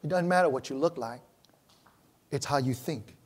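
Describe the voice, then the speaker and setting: Preaching in church, a man moves animatedly from forceful, loud statements to hushed, low passages. His voice is slightly rough, and he keeps a moderate pace.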